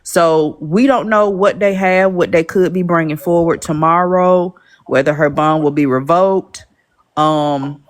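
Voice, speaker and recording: A woman hosting a live-stream panel, speaking calmly and thoughtfully, with frequent pauses. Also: sits low. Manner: calm, measured, with frequent "um" pauses.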